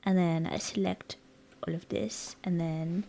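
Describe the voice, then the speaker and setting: A woman's voice: lowish voice, steady tone, measured pace, gravelly, warm tone, a little hiss or hum. An American woman streaming live, chatting casually and playfully with her viewers while she works on a design. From United States. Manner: chatty, playful, teasing, rambling asides to chat.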